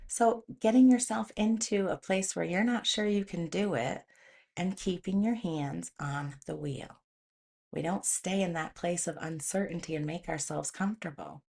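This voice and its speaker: A woman's voice: medium pitch, expressive, moderate pace, darkish tone. A woman hosting a motivational talk, speaking in a conversational way and telling stories with animation. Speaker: host.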